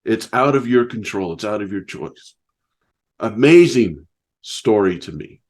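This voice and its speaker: Male podcast host with a low voice; affirming, reflective interviewer. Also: expressive, measured pace, darkish tone. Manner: affirming, reflective, short emphatic remarks. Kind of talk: interview conversation.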